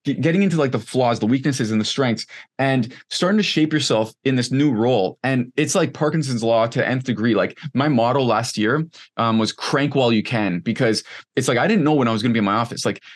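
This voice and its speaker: A man in his thirties speaks as a guest in a relaxed conversation. His pitch sits in the middle of the range, and his speech is frank and loose, full of "like" and the occasional swear word. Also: brisk. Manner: candid, rambling, heavy use of "like", occasional swearing. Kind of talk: casual conversation.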